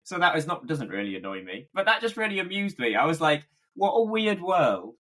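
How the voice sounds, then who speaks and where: A young man with a Yorkshire accent chats on a podcast in a fairly high voice. He tells his stories with animated asides and acts out what people said to him. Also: quick pace. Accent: Yorkshire English. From Yorkshire, England. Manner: animated storytelling with quoted asides. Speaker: podcast co-host. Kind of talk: casual chat.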